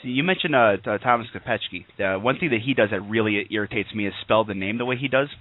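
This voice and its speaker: A man's voice: lowish voice, fast talker, no echo. A man hosting a casual internet radio chat, joking and laughing often. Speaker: podcast host. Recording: tinny phone line, dry.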